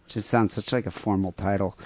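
A man's voice: lowish voice, fairly even intonation, brisk, darkish tone, dry recording. A man co-hosting a crude podcast, reading listener emails and rambling sarcastically. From United States. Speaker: podcast co-host.

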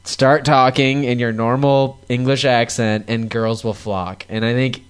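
A man's voice: medium pitch, steady tone, unhurried, clear, resonant tone. A man from Michigan co-hosting a podcast, cracking jokes and laughing often in casual chat. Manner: laughing, wisecracking. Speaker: podcast co-host.

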